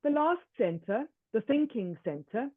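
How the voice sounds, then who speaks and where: A woman presenting a workshop lecture in a measured way, often slipping into first-person examples. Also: on the high side, sing-song, slightly rough, no echo. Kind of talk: online lecture. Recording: tinny dry call audio.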